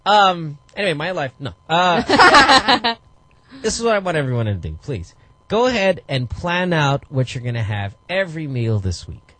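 A man's voice: fairly high pitch, big pitch swings, normal speed, a bit bright, no room sound. A man hosting a radio call-in show, talking casually and joking, sometimes swearing playfully.

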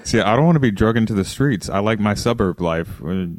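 A man, a lawyer co-hosting a podcast, chatting casually in a dry, deadpan, hesitant way. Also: lowish voice, brisk, dry recording. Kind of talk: casual comedic chat.

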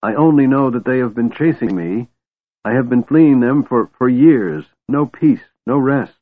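A man's voice: on the low side, big pitch swings, measured pace, phone-quality sound. A man voicing a frightened, hunted middle-aged man who stammers and pleads, in a storybook reading. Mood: frantic.

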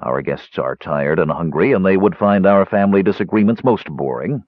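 A calm, diplomatic mage, read by a husky-voiced man in an audiobook. He speaks mildly and evenly, in a low voice. The recording is dry and slightly dull. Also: normal speed, no echo. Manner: mild, smooth-spoken. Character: mild male red-robed mage, calm and diplomatic.

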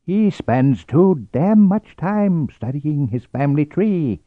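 A man's voice: a little high, animated, slow pace, no echo, phone-quality sound. A man voicing a grumbling, growling old count in an audiobook.

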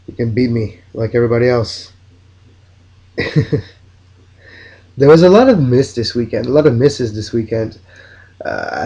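A man's voice: mid-range voice, a little mellow. A man from Mexico, hosting a solo soccer podcast in an enthusiastic, opinionated, rambling way.

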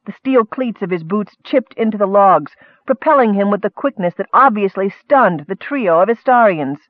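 A man's voice: high voice, animated, normal speed, no room sound. A man narrating an audiobook, with scholarly asides addressed to a superior, heard through a thin, phone-like recording.

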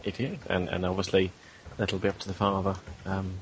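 A man's voice: low voice, little pitch movement, brisk, a little hiss or hum. A man speaking persuasively and hesitantly, playing his character in a tabletop role-play game. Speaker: player.

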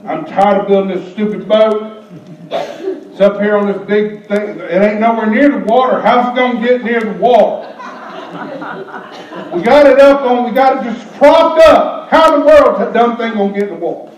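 A preacher acting out a fed-up ark builder. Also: male voice, extremely high pitch, very animated, full character voice. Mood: exasperated. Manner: exasperated, loud, drawn-out complaining. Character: grumbling worn-out man building the ark. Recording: echoey church, distant mic, dull.

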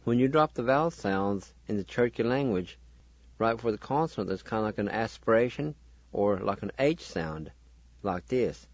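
A man hosting a radio language lesson, spelling words out and sounding each syllable slowly and deliberately. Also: lowish voice, expressive, no echo, muffled recording.

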